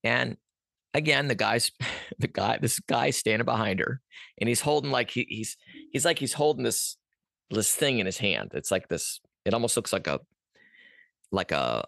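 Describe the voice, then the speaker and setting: A man's voice: sits low, gravelly, no echo, studio quality. A man guest on a podcast, earnestly telling a personal story in a rambling way, with many restarts and fillers. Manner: earnest, animated at peaks.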